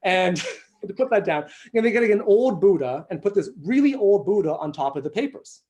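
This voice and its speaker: A male comedian tells a long story over a video call from home. He talks in an animated, self-mocking way and swears freely. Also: high voice, a little fast. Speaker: stand-up comedian. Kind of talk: stand-up storytelling.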